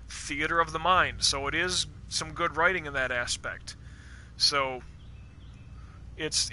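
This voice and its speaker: Bright-voiced ranting male game streamer. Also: a little high, slight background noise. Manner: rambling, profane, animated rants. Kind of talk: live game commentary.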